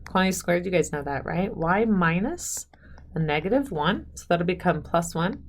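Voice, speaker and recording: A woman with a slightly low voice teaching math on video. She chats straight to her students and pokes fun at herself. Now and then she counts quietly under her breath while she sketches at the board. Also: normal speed, a little hiss or hum. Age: adult, married with children. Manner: chatty, self-deprecating, talks straight to the students; counts aloud softly while drawing. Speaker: math instructor. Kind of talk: recorded video math lecture.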